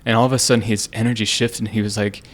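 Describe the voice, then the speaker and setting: A man's voice: fairly low pitch, little pitch movement, racing. A young man sharing a personal story on a casual podcast, earnest and rambling with many fillers and restarts. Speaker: podcast co-host.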